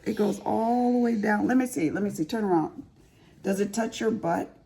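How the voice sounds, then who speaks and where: A woman's voice: mid-range voice, moderate pace, gravelly, dark tone, slight background noise. An older grandmother chatting casually to her viewers as she crafts, rambling and laughing at her own asides. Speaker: crafting vlogger. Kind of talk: casual chat while crafting.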